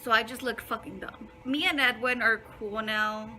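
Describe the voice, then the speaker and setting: A young woman with a bright, slightly high voice tells a story in a loose, casual storytime. She talks bluntly, swears constantly and leans on fillers, over a faint hiss of background noise. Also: fairly even intonation, moderate pace, poor audio. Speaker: vlogger.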